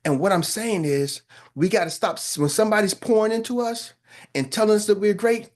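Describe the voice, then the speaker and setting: A man's voice: high-pitched, fairly quick. A man giving a motivational talk as a business coach, blunt and colloquial, repeating phrases for emphasis.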